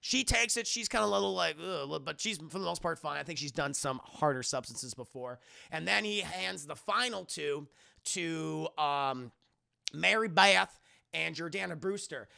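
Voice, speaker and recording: A young man rattles through a movie plot for his live chat, cursing freely and jumping into quick voices for every character. His voice sits high with a heavy gravelly rasp and a bright, sharp edge. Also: animated. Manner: rambling, profane, acts out characters in quick voices. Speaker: streamer reviewing a movie.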